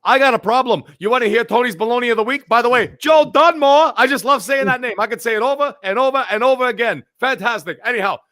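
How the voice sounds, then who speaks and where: Guy putting on a loud boozy party loudmouth, real high and bright, mocking everyone. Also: fast talker, hardly any pauses, no echo. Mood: boastful. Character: brash drunken male Christmas roaster. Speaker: podcast co-host. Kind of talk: comedic rant and parody song.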